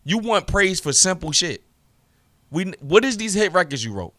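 A man's voice: high voice, very animated, moderate pace, pushed and bright, no room sound. A young man hosting his own podcast alone, ranting in a profane, heated, swaggering way. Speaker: podcast host. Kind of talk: solo podcast rant.

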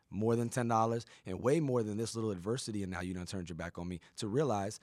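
A man's voice: on the low side, a little fast, few pauses, dry recording, studio quality. A man hosting a podcast in casual chat, rambling and profane, often tagging his points with "right?". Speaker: podcast host.

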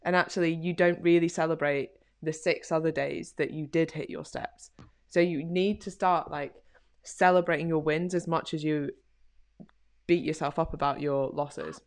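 A woman's voice: deep voice, steady tone, moderate pace. A woman co-hosting a podcast, giving casual motivational talk, chatty with lots of fillers and acted-out inner thoughts. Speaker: podcast co-host and coach.

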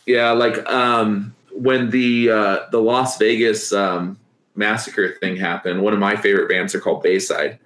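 A low-voiced man co-hosts a laid-back podcast chat. He talks in a loose, rambling way, stuffs his sentences with fillers and laughs easily. The recording has a noticeably echoey room sound. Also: little pitch movement, unhurried, fairly bright tone. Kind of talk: casual chat.

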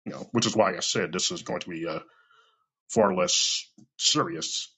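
A man's voice: sits low, moderate pace, vocal fry, slightly rough. An American man, middle-aged, telling a personal story in a casual monologue, swearing, laughing and acting out what people said. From United States. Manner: animated, swears, laughs, acts out dialogue. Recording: dull lo-fi recording.

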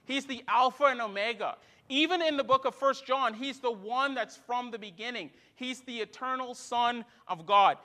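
A man in his thirties preaching a sermon as pastor, telling stories with lively acted quotes. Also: extremely high pitch.

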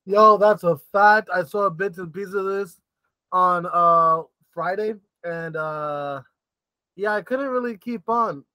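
A man's voice: high-pitched, takes it slowly, bright, forceful tone, clear, resonant tone, no echo. A man co-hosting a casual football podcast, talking in a laid-back, conversational way. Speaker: podcast co-host. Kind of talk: casual sports podcast chat.

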